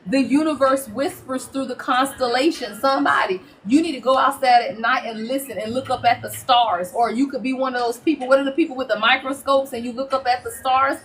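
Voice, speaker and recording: A woman tarot reader hosting a live-stream spiritual reading, talking in an animated, preaching way that calls listeners "y'all" and "child". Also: on the high side, a little hiss or hum.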